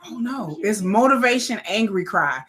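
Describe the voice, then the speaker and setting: Bright-voiced chatty woman commentator. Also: medium pitch, normal speed. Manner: chatty, laughing, animated asides to viewers. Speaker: reality show commentator. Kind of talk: live watch-party commentary.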